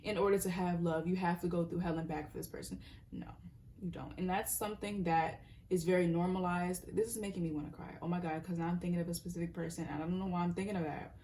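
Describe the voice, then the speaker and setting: A young woman with a fairly low voice talks through a tarot reading in a loose, rambling way. She circles back on her points and keeps cutting herself off. A faint hiss sits under her close, homemade recording. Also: fairly even intonation, fast, warm tone. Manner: rambling, earnest, self-interrupting, sometimes laughing or dropping to a whisper. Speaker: tarot reader. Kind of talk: casual spoken tarot reading.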